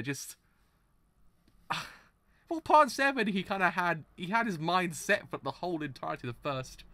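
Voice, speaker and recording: Male reaction streamer, exasperated, loud, rambling, slightly high voice. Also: dry recording. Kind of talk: live reaction commentary.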